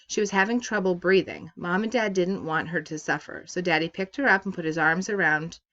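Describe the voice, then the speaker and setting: A woman teacher reading a novel aloud to her class from her office, with steady, expressive storytelling. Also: on the low side, fairly quick, highs cut off.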